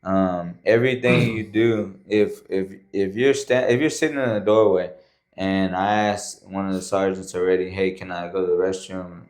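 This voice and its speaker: Deep-voiced man telling a casual story. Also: steady tone, moderate pace, darkish tone. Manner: loose and conversational, filler words and frequent "man" and "bro". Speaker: podcast guest.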